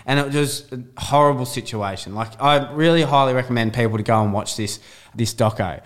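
Young man, podcast co-host, lively storyteller, mid-pitched voice. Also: a little fast. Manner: animated storyteller, acts out quotes. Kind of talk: casual chat.

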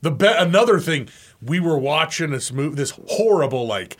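A man co-hosting a sports talk show in casual chat, animated and laughing often. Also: on the high side, moderate pace. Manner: animated, laughs often, shouts when imitating coaches. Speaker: sports radio co-host.

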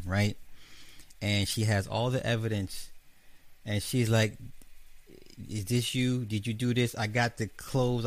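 A man's voice: fairly low pitch, no room sound. A man hosting a livestream, wrapping up a debate in a blunt, profane, rambling way. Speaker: host.

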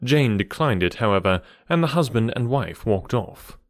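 A man narrating a classic novel as an audiobook in an expressive storytelling manner. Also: medium pitch, moderate pace, no room sound, clean studio sound.

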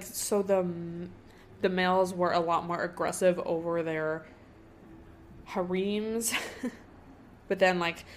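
A woman's voice: on the low side, a little hiss or hum. Rambling young woman podcaster. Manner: rambling, filler-heavy, thinking aloud. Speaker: podcast host. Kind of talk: casual solo podcast commentary.

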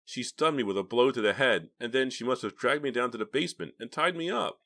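A man's voice: medium pitch, fairly quick, a bit bright, voice pushed up, close to an everyday voice. A man reading an audiobook, voicing an ill, guilty older uncle who pleads and breaks down. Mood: pleading.

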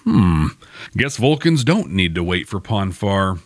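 A young man hosting a casual, wry episode recap with animated asides. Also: sits low, unhurried, no echo. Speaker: host.

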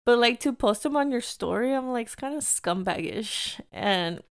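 A woman's voice: a little high, animated, normal speed. A woman in her thirties telling a casual story, full of filler words and acted-out quotes, with a few Spanish phrases dropped in. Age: 30s.

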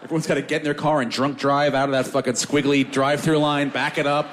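A man doing a stand-up comedy set, animated, swinging from loud shouted bits to low mumbles. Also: fast talker, in a large hall, slight background noise.

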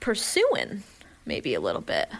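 A young woman in casual podcast chat, telling an animated story with lots of fillers. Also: sits low, a little slow, vocal fry. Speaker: podcast guest.

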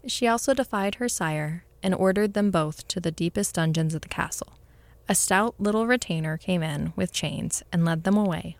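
A woman narrating a story aloud in a measured, expressive reading. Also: medium pitch, creaky, dry recording.

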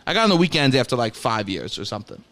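A man's voice: mid-range voice, big pitch swings, fast talker, fairly bright tone. A young man from New York, an improv comedian, rambling and swearing casually as a podcast guest.

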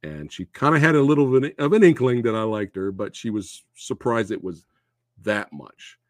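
A man hosting a casual film discussion podcast, getting emotional and halting, laughing between words. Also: on the low side, lively intonation, no room sound, studio quality. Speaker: podcast host.

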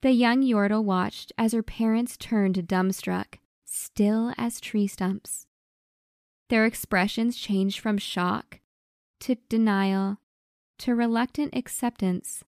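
A woman reading a dark, wry storybook tale in a dramatic narrating voice, with hushed asides. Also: mid-range voice, fairly even intonation, takes it slowly, dry recording, clean studio sound.

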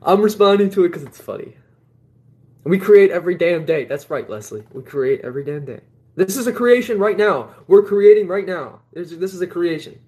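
A man's voice: high voice, lively intonation, moderate pace, a little mellow. A man hosting a spiritual livestream in casual talk. He rambles, repeats his words, laughs often and sounds blunt and dismissive.

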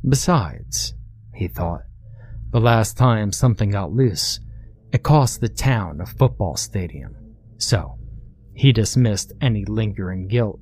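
A man reading a horror story aloud in a measured, matter-of-fact narration. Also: lowish voice, expressive, a little mellow, breathy edge.

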